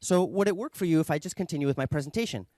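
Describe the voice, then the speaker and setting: A calm older mediator asks careful, gentle questions, as a man puts him on. His slightly high voice stays patient and steady. The sound is close and dry. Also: racing, dry recording, natural voice.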